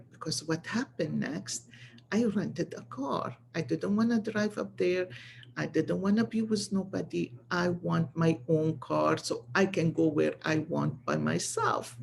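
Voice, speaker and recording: A woman's voice: mid-range voice, creaky, slight background noise. A woman earnestly telling a personal spiritual story to viewers, repeating phrases for emphasis. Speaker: spiritual channel host.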